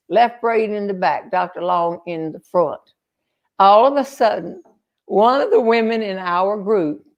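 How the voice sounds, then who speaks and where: Older woman, comic storyteller, animated delivery, acts out the other voices. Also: mid-range voice. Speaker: humorist storyteller.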